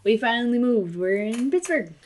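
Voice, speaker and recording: A woman's voice: a little high, animated, moderate pace, a little mellow. A woman co-hosting a podcast in casual chat, rambling through anecdotes and swearing freely, recorded in a half-unpacked apartment. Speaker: podcast co-host.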